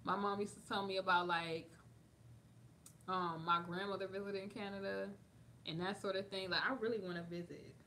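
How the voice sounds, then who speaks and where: A woman from the United States, reading news aloud and commenting on it in a sassy, animated way. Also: medium pitch, normal speed, slight background noise. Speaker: vlogger reacting to news.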